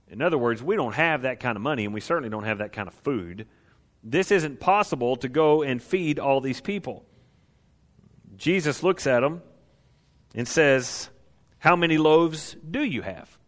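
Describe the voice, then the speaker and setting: A man preaching a sermon, talking conversationally with asides and acted quotes, then building to loud, emphatic passages. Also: medium pitch, big-room sound. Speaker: pastor.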